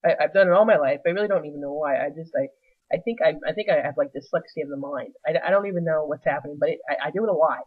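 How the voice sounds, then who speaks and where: A woman's voice: sits low, very fast, breathy edge, narrow, tinny audio. Rambling woman telling a comic story. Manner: rambling, self-mocking, with many restarts.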